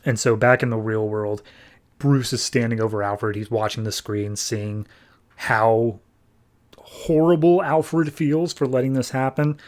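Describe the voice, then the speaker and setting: A man's voice: mid-range voice, a little slow. Chatty man recapping a comic. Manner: chatty, filler-heavy, retells scenes in quoted paraphrase. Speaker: podcast host. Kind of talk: casual comic book recap.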